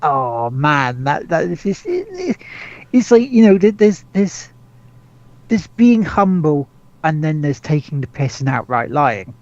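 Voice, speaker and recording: A man's voice: a little high, very animated, measured pace, darkish tone, no echo, dull audio. A man hosting a podcast in casual chat, rambling with lots of restarts, swearing and laughs. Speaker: podcast host.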